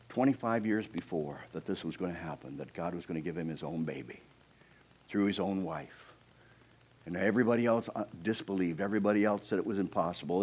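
A male pastor preaching a sermon in an animated storytelling way, putting on the voices of figures he quotes and asking the congregation questions. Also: deep voice.

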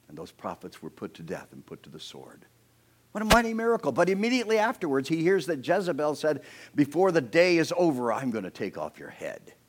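Preaching outdoors beside a creek, a man with a mid-range, slightly breathy voice tells scripture stories with flair. He acts out the people he quotes, swinging widely between loud and soft, and drops in playful asides.

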